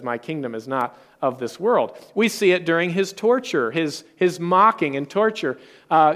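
Earnest man preaching a sermon. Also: on the high side. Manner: earnest teaching tone, quoting scripture.

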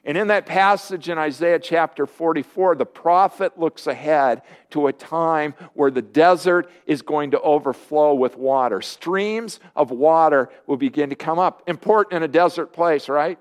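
A man preaching a sermon, lively and earnest, often acting out the voices of people he quotes. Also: fairly high pitch, normal speed, few pauses. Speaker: pastor.

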